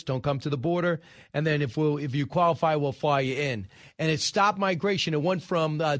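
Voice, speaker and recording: Male radio host, animated storyteller, slightly higher voice. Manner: animated storytelling, rhetorical asides. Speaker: radio talk show host. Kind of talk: talk radio commentary.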